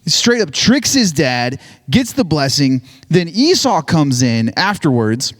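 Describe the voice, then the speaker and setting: A man's voice: a little high, sing-song, measured pace. Chatty man preaching in a big reverberant hall. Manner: chatty, joking, lots of "like" and "right?". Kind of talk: casual sermon retelling Bible story.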